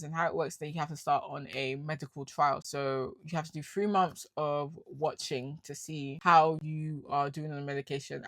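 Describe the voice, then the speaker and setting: A young woman from the UK speaks candidly into a close, dry microphone with a fairly low voice. Her talk is casual and full of slang. She swings between quiet, weary asides and loud, indignant venting. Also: dry recording. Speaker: vlogger. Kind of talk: candid personal storytelling to camera.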